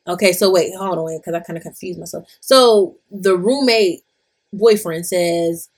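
A woman's voice: fairly low pitch, moderate pace, darkish tone, breathy edge. A young woman hosting a podcast, reading a listener's story aloud and reacting bluntly, swearing freely. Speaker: podcast host. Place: lives in Atlanta.

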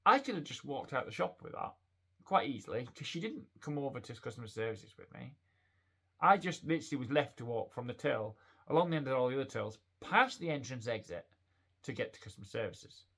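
A man, hosting his own podcast and telling a shopping story in a chatty, animated way, full of quoted voices and restarts. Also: medium pitch, brisk, breathy edge. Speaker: podcast host; retail manager. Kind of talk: casual storytelling monologue.

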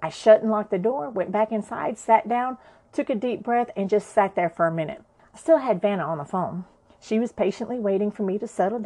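A woman's voice: medium pitch, darkish tone. A woman narrates her own story in a frank, everyday voice. She talks conversationally and swears without holding back.

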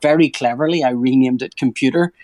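A man's voice: medium pitch, fairly quick, darkish tone, a little hiss or hum. A man in his forties, a comic artist talking casually in an interview, rambling and restarting his sentences with a joking streak. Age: 40s. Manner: rambling, self-interrupting, jokey.

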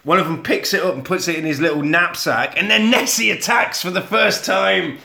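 A man's voice: sits high, moderate pace, creaky, bright, forceful tone, roomy sound. A man on a podcast, recapping a film in a casual, comedic way, swearing freely and laughing often. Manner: swears freely, laughs, briefly mimics characters.

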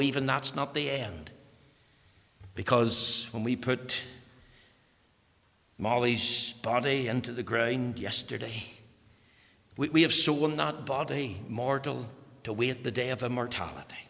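A man preaching a sermon, dropping to hushed whispers and then rising to loud, fervent emphasis. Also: mid-range voice. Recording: long reverb of a large hall.

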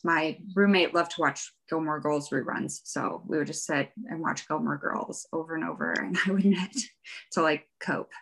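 A woman's voice: low voice, moderate pace, gravelly, a bit bright, low-quality recording. A woman guest in a casual interview, telling her story in a rambling, chatty way with light laughs. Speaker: guest, fiber arts professional.

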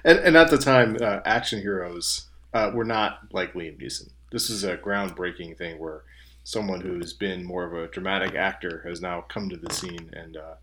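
A man's voice: low-pitched, normal speed, bright, forceful tone, slight background noise. A man co-hosting a casual podcast, teasing his partner in a playful way. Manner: playful, teasing, fond of big claims. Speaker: podcast co-host.

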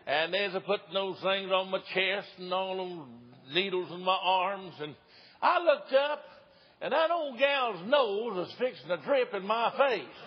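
A man's voice: sits high, animated, a little slow, breathy edge. A man in his sixties with an East Tennessee accent, an evangelist telling folksy, joking stories in a sermon and laughing often. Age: 60s. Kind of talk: humorous sermon storytelling. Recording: dull lo-fi recording.

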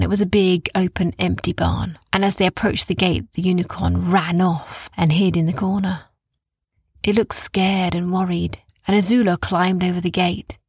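Soft bedtime story woman, half whispered, breathy gravelly voice, dry close sound. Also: lowish voice, no room sound. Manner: slow, calm, gentle, repeating soothing phrases.

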